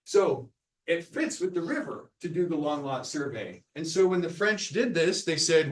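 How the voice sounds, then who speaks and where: A man lecturing a class, loose and joking, tagging his points with "right?". His voice sits a little high for a man. He sounds set back from the mic, with the lecture hall's echo around him. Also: animated, moderate pace, distant mic. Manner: casual, joking, tags sentences with "right?". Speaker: university lecturer. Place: lecture hall. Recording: echoey lecture hall, speaker off mic.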